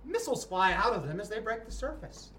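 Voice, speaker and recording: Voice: medium pitch, very animated, a little fast, a bit bright. A game master running a tabletop game, calling out dice rolls and describing the scene. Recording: distant mic with background noise.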